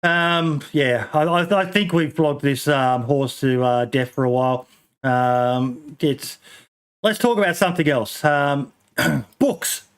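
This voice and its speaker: A man's voice: on the high side, takes it slowly, clear, resonant tone. Rambling man hosting a podcast. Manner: rambling, many ums and restarts, swears casually. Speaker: podcast host. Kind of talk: casual podcast chat.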